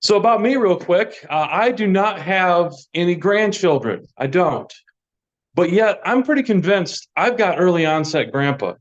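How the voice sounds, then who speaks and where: A man's voice: sits high, expressive, moderate pace. A middle-aged man from Michigan doing a dry, self-deprecating stand-up set. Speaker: stand-up comedian. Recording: dull, lo-fi sound.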